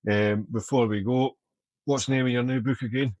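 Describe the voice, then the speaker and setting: A man's voice: mid-range voice, fairly even intonation, moderate pace, a little mellow, no room sound, muffled recording. A man with a Scottish accent hosting a casual podcast interview, easygoing and hesitant. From Scotland. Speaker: podcast host.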